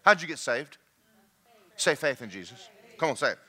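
A man preaching a sermon in an animated way, shouting, laughing and putting on mocking voices. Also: mid-range voice, normal speed.

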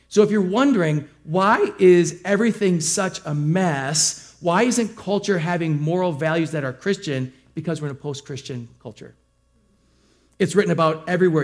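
Middle-aged pastor guy preaching, chatty storyteller, kinda high voice. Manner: conversational storytelling with asides and self-deprecating humor. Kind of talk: sermon.

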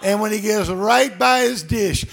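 A male pastor preaching a sermon, swinging from low murmurs to shouts and calling out to the congregation. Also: unhurried, vocal fry. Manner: calls out to the congregation.

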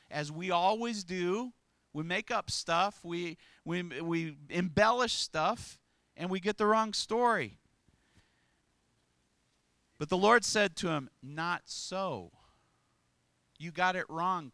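A man's voice: sits high, slow, creaky, pushed and bright, dry recording. A man preaching a sermon with emphasis, asking the congregation rhetorical questions and chuckling between points.

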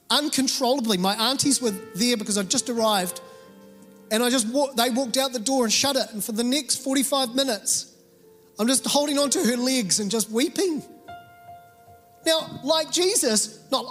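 A man's voice: high voice, a bit bright. A man preaching a sermon in a church, earnest and emphatic with conversational asides. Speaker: pastor. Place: church auditorium. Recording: reverberant hall with faint music.

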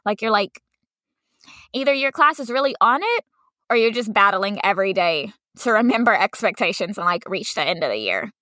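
A woman's voice: mid-range voice, animated, fairly quick, pushed and bright, no room sound, clean studio sound. A young woman, a kindergarten teacher, telling classroom stories in casual chat and acting out quotes in a sing-song voice. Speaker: kindergarten teacher and podcast co-host.

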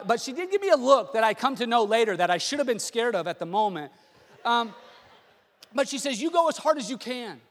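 A long reverb from a big hall follows the high voice of a middle-aged pastor as he delivers a sermon through a personal story. His telling is lively, though he frequently trips over and restarts his sentences.

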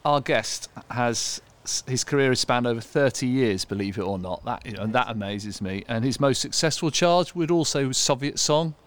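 A man co-hosting a podcast, enthusiastically introducing a guest with halting restarts. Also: mid-range voice, expressive. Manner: enthusiastic, listing facts with restarts. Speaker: podcast co-host. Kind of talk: casual chat.

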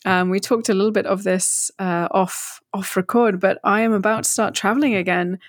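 A woman's voice: medium pitch, fairly even intonation, moderate pace, no echo, clean studio sound. A woman co-hosting a podcast, chatting eagerly about her new running gear in a casual way. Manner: chatty, enthusiastic, lots of "like" and restarts. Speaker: podcast co-host. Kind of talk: casual chat.

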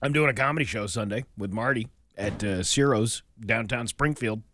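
A man co-hosting a morning radio show, chatting in a lively way and fond of doing voices. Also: mid-range voice, moderate pace, slight background noise. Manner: lively, slips into joke voices. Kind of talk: casual radio banter.

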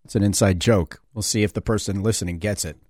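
A man's voice: on the low side, fairly even intonation, fast, darkish tone, no echo, clean studio sound. A man who sits on a school board, giving a sarcastic opinion monologue full of rhetorical questions. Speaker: school board member and commentator.

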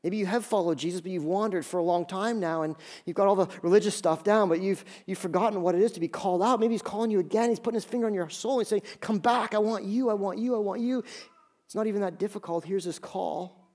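High-voiced man preaching a sermon. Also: fast talker, darkish tone. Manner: emphatic preaching with repeated phrases; acts out dialogue in quotes. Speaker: pastor.

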